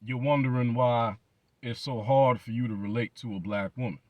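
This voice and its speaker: A man hosting his own channel, ranting bluntly and swearing hard, repeating words for emphasis. His voice sits at an ordinary middle pitch, and the sound is dry and close to the mic. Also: fairly even intonation, normal speed, dry recording, dull audio. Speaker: channel host. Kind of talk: profane commentary rant.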